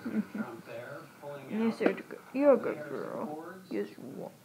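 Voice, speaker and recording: A woman's voice: low-pitched, very animated, slow, a crowd in the background, poor audio. A woman vlogging in a casual, rambling way, cooing baby talk at her dogs between chatty asides. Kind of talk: casual chat to camera.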